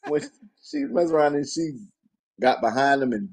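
A man with a Southern US accent, co-hosting a podcast, telling crude stories in a low-key, mumbled way. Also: moderate pace, darkish tone. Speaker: podcast co-host. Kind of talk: casual storytelling chat.

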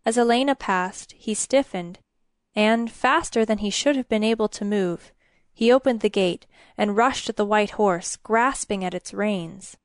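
A woman reads a fairy tale aloud in a steady, measured storytelling voice. Her pitch sits in an ordinary middle range. The recording is dry and close, with no room sound. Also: no echo. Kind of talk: scripted storybook narration.

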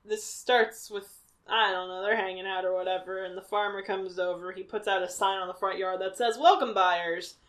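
A woman podcast host casually recapping a cartoon episode, deadpan and quick to laugh. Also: mid-range voice. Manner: laid-back, deadpan, laughs often.

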